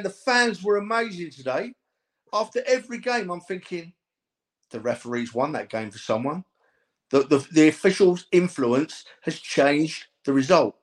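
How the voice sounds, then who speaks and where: A high-voiced older Englishman on a podcast, ranting with real emotion. He repeats himself, stumbles over words and sounds close to choking up. His tone is exasperated and heartfelt. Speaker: podcast co-host. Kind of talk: impassioned rant.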